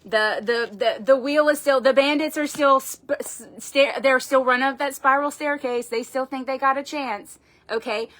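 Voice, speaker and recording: Speaking at a normal pace, this tarot reader has a high-pitched, fairly bright voice. She's live-streaming a reading into her phone, folksy and emphatic, with casual swearing thrown in.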